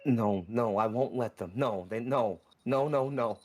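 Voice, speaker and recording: A man's voice: mid-range voice, unhurried, darkish tone, close to an everyday voice. A man doing a frantic, whispering creature. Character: anxious protective male dragon-like creature.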